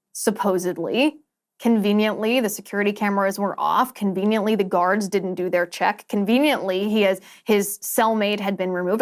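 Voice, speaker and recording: A woman hosting a political commentary show, talking in an emphatic monologue that repeats words for effect. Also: mid-range voice.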